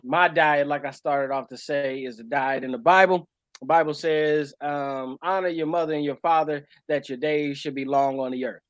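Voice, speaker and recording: A man's voice: on the high side, fairly even intonation, normal speed, no room sound. Laid-back joking American podcast man. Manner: laid-back, joking, lots of "you know what I'm saying". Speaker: podcast co-host. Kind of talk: casual chat.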